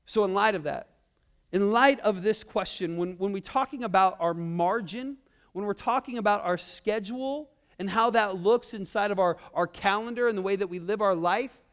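A man in his thirties preaching a sermon as pastor, emphatic, repeating key phrases and moving between loud and quiet. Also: high-pitched, moderate pace.

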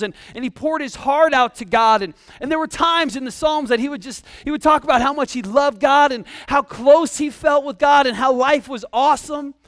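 A man preaching a sermon to his congregation in a lively, conversational way, full of rhetorical questions. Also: extremely high pitch, clean tone, no echo, studio quality. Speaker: pastor. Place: church sanctuary.

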